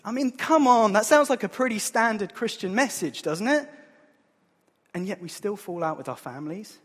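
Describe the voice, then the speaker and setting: Husky man preaching in a hall. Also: high voice, lively intonation, moderate pace, a bit bright. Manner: earnest, conversational preaching with rising emphasis. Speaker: pastor. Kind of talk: sermon. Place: church hall. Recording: long hall reverb.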